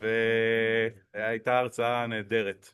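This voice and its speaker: A man moderating a conference, brisk and businesslike as he keeps things on schedule. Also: on the low side, level tone, a bit bright, smooth.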